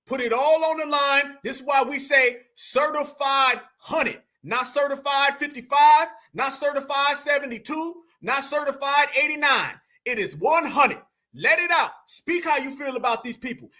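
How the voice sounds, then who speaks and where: Hyped up guy hosting a reaction vid, high bright voice, preachy, keeps hyping the viewers. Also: moderate pace. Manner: preachy, rallying, repetitive hype calls to the audience. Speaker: commentator hosting a reaction video. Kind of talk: energetic reaction commentary.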